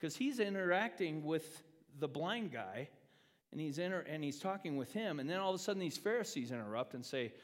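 Animated male pastor in an echoing hall. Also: a little high, moderate pace. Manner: animated, acts out quoted speech, swings from loud to quiet. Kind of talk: sermon. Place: church sanctuary. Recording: long reverb of a church hall.

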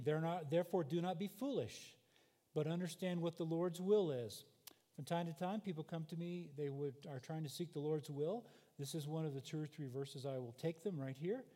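A man's voice: a little high, mellow. A male pastor preaching a sermon, explaining scripture emphatically and asking the congregation rhetorical questions, in a church. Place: church sanctuary. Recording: long hall reverb.

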